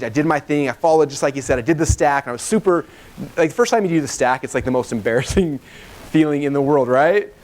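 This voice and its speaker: A man speaking at a training session, telling stories casually and animatedly, with lots of "like" and quoting himself. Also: mid-range voice. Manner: fast and animated, full of "like" and self-quoting. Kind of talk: casual storytelling talk to a live audience.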